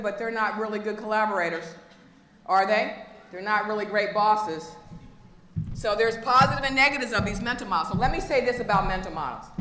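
A woman's voice: a little high, pushed and bright. A woman giving a motivational talk at a conference, engaging the audience with frequent questions. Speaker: conference speaker. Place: conference room. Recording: echoey hall with long reverb, faint noise.

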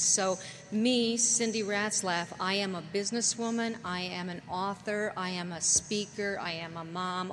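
Woman, panel moderator, enthusiastic, chatty, reverberant hall, faint noise. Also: mid-range voice. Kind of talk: panel discussion. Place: conference hall with audience. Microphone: handheld microphone.

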